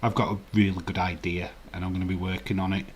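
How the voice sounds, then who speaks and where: A man's voice: low voice, level tone, fast, a little hiss or hum. A man hosting a casual live stream, rambling and chuckling while reading the chat. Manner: rambling, chuckling, chatty asides.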